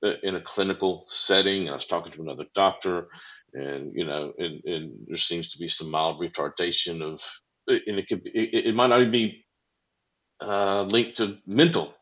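An earnest man explains himself slowly and carefully in a casual podcast conversation. His voice is very low. The audio is somewhat dull and lo-fi. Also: steady tone, fairly bright tone. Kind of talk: casual chat.

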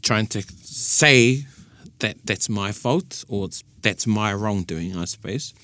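Low-voiced New Zealand man explaining. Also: animated, takes it slowly, sharp tone, no echo, studio quality. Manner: explains patiently, with many restarts and fillers. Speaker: host teaching Māori language. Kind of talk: casual radio chat.

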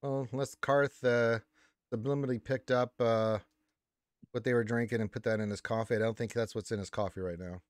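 A man's voice: mid-range voice, steady tone, brisk, smooth, dry recording, studio quality. A man hosting a casual podcast chat, rambling and teasing his guests with jokes. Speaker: podcast host.

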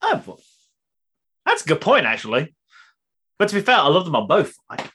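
Playful, teasing podcast co-host. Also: male voice, a little high, wildly swooping pitch, moderate pace, long pauses, sharp tone, a little hiss or hum. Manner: playful, teasing, laughs often. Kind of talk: casual podcast chat.

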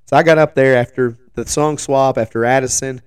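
A man in his forties with a hoarse voice after the flu, telling a rambling, joking story as a show host. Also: medium pitch, fairly even intonation, a little fast, dry recording, studio quality. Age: 40s. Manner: rambling, self-deprecating, joking asides. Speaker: podcast host. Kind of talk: casual storytelling chat.

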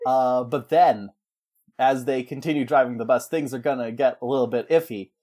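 A man chats casually while he pitches a story. His pitch sits in the middle range. He rambles and jokes, and he often breaks off into silly character voices. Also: mellow. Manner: rambling, jokey, quick to slip into voices. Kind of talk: casual chat.

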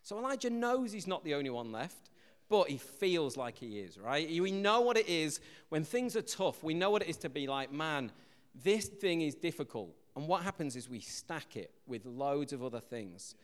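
A man's voice: a little high, very animated, normal speed, big-room sound. A man preaching a sermon in a conversational way, with joking asides.

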